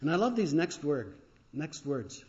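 A man preaching a sermon with dramatic swings, loud when he cries out and quiet when he reflects. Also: on the high side, big pitch swings, a little slow. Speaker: pastor. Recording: dull, lo-fi recording.

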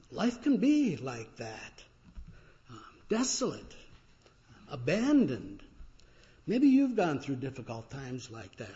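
A man preaching a sermon as a pastor, telling stories in an unhurried, reflective way with pauses and fillers. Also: mid-range voice, darkish tone. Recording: dull lo-fi recording.

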